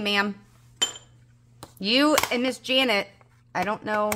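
A woman's voice: medium pitch, slow pace, noisy background. A woman, a budgeting vlogger chatting casually to viewers, coaxing and scolding her dice, a little unwell and tired. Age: 30s. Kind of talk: casual chat to viewers while rolling dice.

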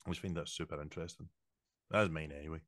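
A man with a very low voice throws out teasing banter at speed. The recording is close and dry, with little room sound. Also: fairly even intonation, very fast, a bit bright, no echo. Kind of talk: casual podcast chat.

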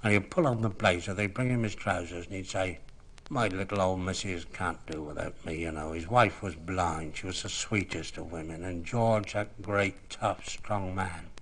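An older man, telling cricket anecdotes in an unhurried, reminiscing way. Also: deep voice, fairly bright tone, breathy edge, poor audio. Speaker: cricket broadcaster. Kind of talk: reminiscing storytelling.

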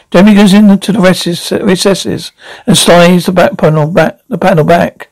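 A man's voice: high-pitched, fairly even intonation, moderate pace, gravelly, a little mellow, dry recording, low-quality recording. A man reading stage directions aloud in a plain way, with slips and restarts. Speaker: reader.

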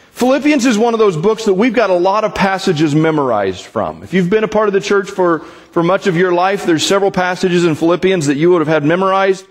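A man pastor giving a sermon in a conversational, informal way. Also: high voice. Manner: conversational, with fillers and restarts. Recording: long reverb in a church hall.

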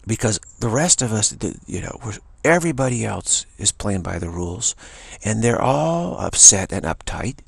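Man, low gravelly voice, husky, rambling indignant storyteller, dry close sound. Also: big pitch swings, moderate pace, few pauses, no room sound. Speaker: spiritual channel host. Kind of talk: casual spoken anecdote.

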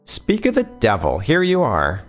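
A man's voice: lowish voice, wildly swooping pitch, measured pace, faint music behind. A man reading the lines of a stern adult woman camp leader who scolds a boy. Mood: scolding. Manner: scolding, reproachful.

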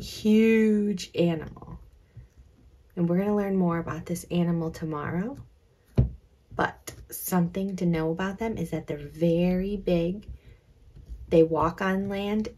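A woman teaching young children, slow and clear, encouraging them and drawing out words as she sounds them. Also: lowish voice, steady tone, dark tone. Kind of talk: children's lesson.

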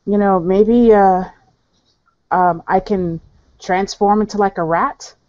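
A woman voicing a nervous drow prisoner in a tabletop game, rambling and halting. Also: mid-range voice, a little mellow, close to an everyday voice. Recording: muffled dry online voice chat.

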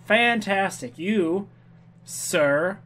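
A man with a notably high voice narrates his gameplay in a loose, goofy way. He talks back to the characters and hums little tunes while he plays, and a faint noise sits under his voice. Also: expressive, extremely slow, a bit bright. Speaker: let's player. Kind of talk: casual gameplay commentary.

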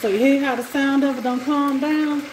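This cooking vlogger has a high, steady voice and talks at a normal speed, chatting folksily with viewers as she cooks at home. A loud frying sizzle fills her echoey kitchen and creates background noise.

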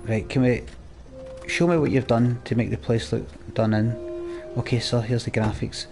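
A man's voice: mid-range voice, fairly even intonation, normal speed, gravelly, darkish tone, soft background music. A Scottish man chatting and ranting as he plays a game, swearing freely. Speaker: gamer. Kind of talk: let's play commentary.

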